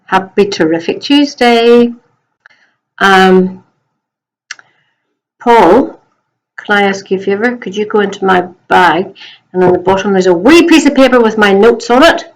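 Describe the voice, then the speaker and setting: A middle-aged woman teacher at home, chatting gently in a recorded message to young pupils. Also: mid-range voice, measured pace, long pauses, low-quality recording. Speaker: primary school teacher.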